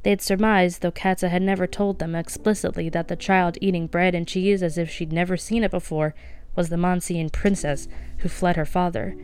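A woman reading a novel aloud as a podcast host, soft-spoken and lightly voicing the characters. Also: on the low side. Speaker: audiobook reader.

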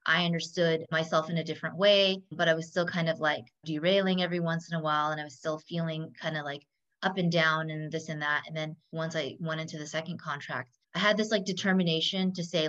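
A woman's voice: deep voice, steady tone, fairly quick, fairly bright tone. Chatty woman, lo-fi sound. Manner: chatty, filler-heavy, laughs often. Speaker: coaching client. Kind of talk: casual conversation.

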